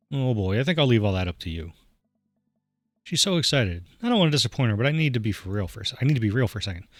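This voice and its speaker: A man's voice: medium pitch, racing, no echo, clean studio sound. A man hosting a playthrough, reading the dialogue of a dad dating game with jokey asides. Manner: animated, jokey, voices the player dad with warmth. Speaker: let's play host.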